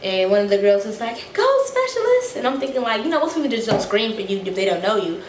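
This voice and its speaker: A young woman telling a casual story to her vlog viewers, animated and a little out of breath, acting out the quotes. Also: mid-range voice, fast talker. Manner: animated, acts out quotes, swears freely. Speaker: vlogger. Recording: echoey room, faint noise.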